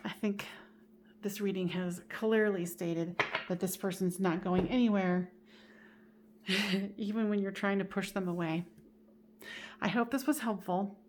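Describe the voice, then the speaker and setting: A woman reads tarot cards for her viewers in a relaxed, conversational way. Her voice sits at a middle pitch and she keeps reassuring the listener. A faint hiss runs under her voice. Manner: chatty, reassuring, leans on "you know" and "like". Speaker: tarot reader. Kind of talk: casual tarot card reading to camera.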